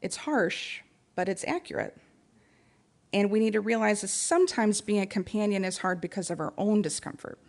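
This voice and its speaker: Woman speaker with a gravelly voice. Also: mid-range voice, moderate pace, a little mellow. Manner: earnest, reflective storytelling. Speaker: guest speaker. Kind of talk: personal talk to a spiritual community.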